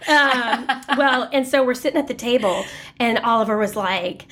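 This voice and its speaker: A woman in her forties co-hosting a chatty show, telling stories and acting out everyone's quotes with lively energy. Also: a little high, moderate pace. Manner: animated storyteller, acts out quotes. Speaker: radio co-host. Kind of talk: casual chat with a read ad.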